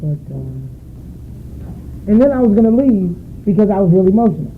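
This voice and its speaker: A woman sharing her story at a recovery meeting, emotional and searching, often halting. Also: mid-range voice, expressive. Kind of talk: personal share at a meeting. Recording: tinny phone-like recording with faint noise.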